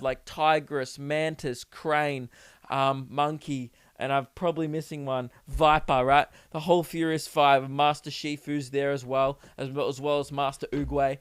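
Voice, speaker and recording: A man's voice: fairly high pitch, flat delivery, measured pace, smooth, dry recording, studio quality. A young man hosting a podcast, rambling through a sweary comedic monologue and laughing at his own jokes.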